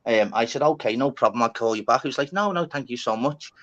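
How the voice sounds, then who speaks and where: A man's voice: mid-range voice, fast, a bit bright, lo-fi sound. A man hosting a casual live-stream chat, swearing and calling people mate and lad. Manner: chatty, swears, keeps saying mate and lad. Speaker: channel host.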